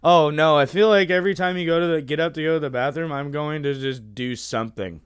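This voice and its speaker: A man's voice: a little high, quick pace, clean tone. A man co-hosting a podcast in casual comedic chat, crude and joking, dropping into silly voices. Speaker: podcast co-host.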